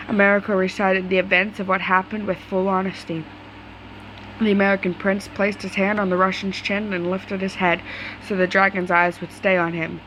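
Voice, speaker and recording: A woman's voice: lowish voice, steady tone, normal speed, fairly bright tone, a little hiss or hum, poor audio. A woman casually reading a fan story aloud, stumbling over words now and then. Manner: casual, stumbling, swears in asides. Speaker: story reader.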